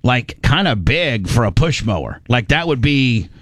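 A man's voice: mid-range voice, unhurried, dry recording. Rambling, chatty man host. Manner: rambling storyteller, many restarts, animated asides. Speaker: show host. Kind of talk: casual radio show banter.

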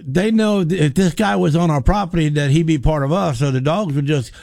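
A man in casual radio talk, telling a story with animated delivery and acted-out quotes. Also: a little high, fairly quick, vocal fry, no echo. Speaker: radio show regular.

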